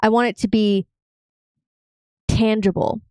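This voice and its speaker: A woman's voice: mid-range voice, little pitch movement, takes it slowly, darkish tone, clean tone, dry recording. A woman co-hosting a casual live podcast, playful and teasing, breaking into giggles. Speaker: podcast co-host. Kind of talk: casual live-stream chat.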